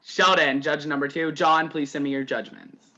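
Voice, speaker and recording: Bright-voiced chatty male game host. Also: on the high side, fairly even intonation, normal speed, lo-fi sound. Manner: loose, chatty, laughs between announcements. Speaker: host of an online competition game. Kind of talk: hosting over group voice chat.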